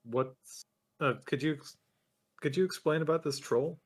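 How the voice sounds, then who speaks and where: A man's voice: fairly high pitch, unhurried, husky. A man playing a tabletop game, asking questions hesitantly with fillers and restarts. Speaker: player.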